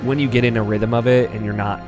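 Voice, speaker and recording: A young man who rambles and keeps breaking into chuckles as he hosts a podcast. His pitch sits in a middle range for a man, and a little music plays faintly underneath. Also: steady tone, quick pace. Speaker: podcast host. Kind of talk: casual podcast chat about a video game. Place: home basement.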